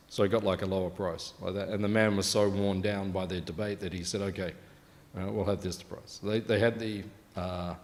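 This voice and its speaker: A man with a fairly low voice tells stories for a morning scripture class. He speaks casually, full of fillers and quick "right?" checks with his listeners, and his voice carries a long reverb from a hall. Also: darkish tone.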